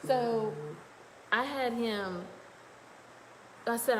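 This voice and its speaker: A woman's voice: on the high side, normal speed, a little hiss or hum, rough recording. A woman with a Louisiana accent, chatting in a rambling, folksy way as she tells a story while doing her makeup. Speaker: makeup vlogger. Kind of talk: casual storytelling livestream.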